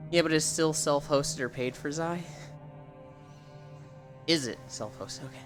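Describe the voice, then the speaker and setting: With music playing in the background, a young adult hosts a casual livestream, wandering from topic to topic and reacting to chat on the fly. The mid-range voice stays unhurried, and the swearing flows freely.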